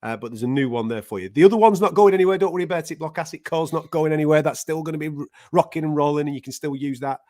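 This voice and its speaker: A man's voice: on the high side, rapid-fire, few pauses, mellow, dry recording, studio quality. A man with a Mancunian accent hosting a live show, talking in casual, laddish banter. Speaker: host.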